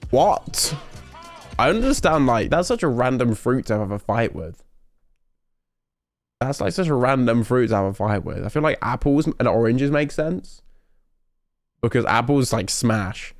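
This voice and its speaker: A man's voice: mid-range voice, expressive, unhurried, pauses often, no room sound, clean studio sound, faint music behind. A young man with an English accent, chatting casually on a livestream and joking with his viewers. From United Kingdom. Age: young adult. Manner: laughing, joking banter with chat. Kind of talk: casual live-stream chat.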